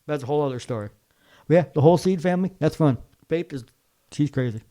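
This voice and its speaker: A man's voice: on the high side, quick pace, mellow. A young man co-hosting a casual podcast, ranting with strong opinions about games. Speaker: podcast co-host.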